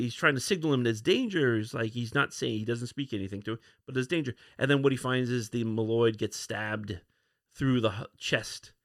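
A man's voice: mid-range voice, no echo, clean studio sound. A man hosting a comic book review podcast, retelling a story in a conversational, rambling way. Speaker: podcast host.

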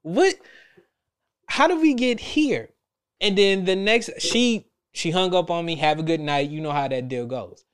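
A young man, a podcast host telling a story in casual chat, animated and laughing often. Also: sits high, a little slow, smooth. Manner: animated, laughs a lot, acts out quotes.

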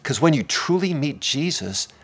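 A man preaching a sermon as pastor, swinging between hushed, intimate lines and loud, emphatic ones. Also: a little high, very animated, normal speed, breathy edge.

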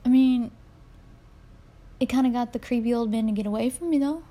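A woman's voice: on the high side, fairly quick, dark tone. Congested young woman rambling on a podcast. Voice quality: congested, nasal from sinuses. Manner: rambling, self-deprecating, jokey asides. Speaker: podcast host. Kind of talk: casual solo podcast chat.

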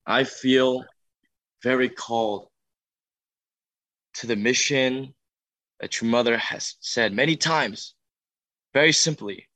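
A man's voice: mid-range voice, slow, long pauses, bright, forceful tone, dry recording. A young man who leads youth workshops, telling a heartfelt testimony in an earnest, emotional way that builds in intensity. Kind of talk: testimony talk.

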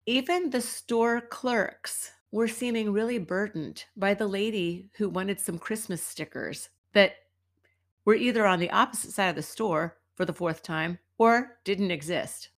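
A middle-aged woman from the United States hosts a podcast and tells a casual story with a wry edge. Her voice sits at a middle pitch, and she sounds chatty and at ease. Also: fairly bright tone. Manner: chatty and wry, acts out quoted people. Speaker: podcast host and dance teacher.

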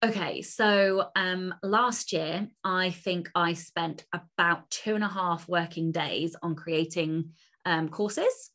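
A woman's voice: lowish voice, slow pace, fairly bright tone. A woman author chatting as an interview guest, enthusiastic and talkative, with plenty of fillers. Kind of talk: casual interview conversation.

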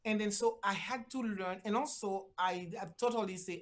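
Animated older woman from Haiti. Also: moderate pace. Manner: animated, acts out voices with big pitch jumps. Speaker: guest, physician. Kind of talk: candid personal storytelling.

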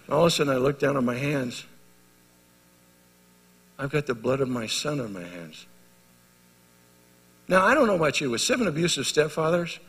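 A middle-aged male pastor preaching a sermon, telling a story and moving from hushed to loud and emphatic. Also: mid-range voice, slightly rough. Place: church hall. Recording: reverberant church hall.

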